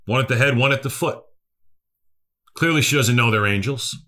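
A man's voice: medium pitch, normal speed, sharp tone. A male preacher, delivering an earnest sermon that repeats key phrases and asks the listeners questions.

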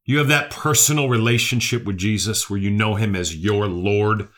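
A man's voice: on the low side, moderate pace, fairly bright tone. A male preacher, delivering an earnest sermon that repeats key phrases and asks the listeners questions.

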